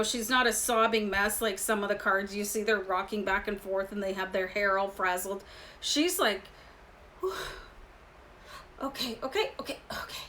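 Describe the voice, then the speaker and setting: A woman's voice: mid-range voice, fairly bright tone, poor audio. A woman giving a casual tarot reading to camera, chatty and confiding, talking straight to her viewers. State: slight throat irritation. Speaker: tarot reader.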